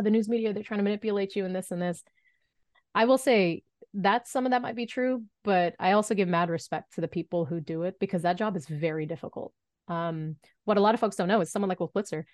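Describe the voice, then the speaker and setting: Lively storytelling woman, low voice. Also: dry recording, clean studio sound. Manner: animated, acts out quoted voices. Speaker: podcast guest. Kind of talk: storytelling in an interview.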